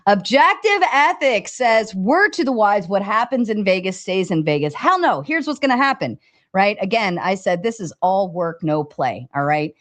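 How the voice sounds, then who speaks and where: A woman hosting a casual livestream with a lot of energy. She talks fast and excitedly, swears freely, and her voice jumps higher when she reads viewer messages aloud. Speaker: livestream host. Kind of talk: casual livestream talk, reading chat aloud.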